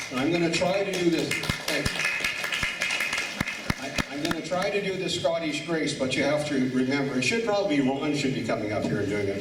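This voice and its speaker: A middle-aged man giving a halting mayor's welcome speech at a lunch event, restarting his words. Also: medium pitch. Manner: halting, repeats words at starts. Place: banquet hall at a lunch event. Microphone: far room recording. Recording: echoey hall from far off, noisy.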